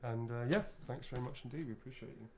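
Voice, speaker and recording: A man's voice: mid-range voice, quick pace, a little hiss or hum. A man, an actor, chatting casually and rambling through a livestream autograph signing, swearing freely as he goes.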